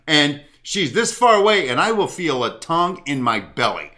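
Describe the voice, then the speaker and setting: Boisterous joking man, lively bright voice. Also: normal speed, hardly any pauses. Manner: joking, boisterous, shouts "boom". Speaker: co-host of a live chat stream. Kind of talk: casual live-stream banter.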